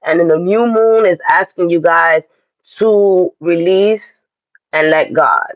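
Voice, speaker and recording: A man's voice: a little high, normal speed, fairly bright tone, dry recording, highs cut off. A man giving a casual astrology and tarot reading, talking straight to his viewers in a chatty, direct way.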